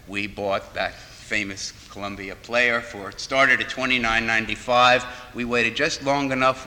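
Bright-voiced New man reminiscing. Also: mid-range voice, a little hiss or hum. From New York. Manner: unhurried storytelling with frequent "uh" fillers. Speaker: speaker on record collecting. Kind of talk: reminiscing lecture. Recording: long hall reverb.

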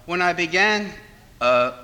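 A middle-aged man, reminiscing in an unhurried lecture and pausing on frequent "uh" fillers. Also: sits high, lively intonation, bright, forceful tone. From New York. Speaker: speaker on record collecting. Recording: long hall reverb.

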